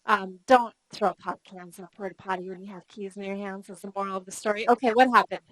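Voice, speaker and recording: Speaking fast at a medium pitch, a middle-aged woman conducts a live customer service training session, mixing lively anecdotes with questions for the audience. The recording quality is low.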